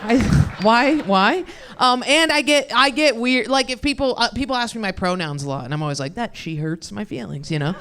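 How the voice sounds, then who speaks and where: A woman's voice: on the high side, animated, a little fast, a bit bright, clear, resonant tone, a faint crowd. A young woman doing improvised stand-up on a club stage, rambling, crude and self-deprecating, laughing at her own jokes. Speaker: stand-up comedian. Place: comedy club stage with live audience.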